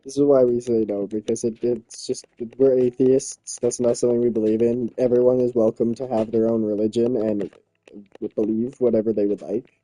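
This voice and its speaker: A man's voice: mid-range voice, level tone, normal speed, warm tone, no echo, rough recording. A man chatting casually on a game stream, joking and swearing freely. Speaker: streamer and server owner. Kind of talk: casual chat.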